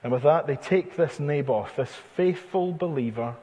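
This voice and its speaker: In a church hall with long reverb, a pastor in his thirties gives an expository sermon in a husky, mellow, slightly high voice at a moderate pace. He retells the scripture like a vivid storyteller, dramatizing the text and slipping in asides.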